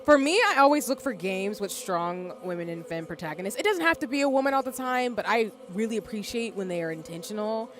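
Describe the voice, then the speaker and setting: Southern streamer, casual and animated, lively pitch. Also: brisk, hardly any pauses. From Southern United States. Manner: chatty, animated, addresses chat. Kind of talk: casual gameplay commentary.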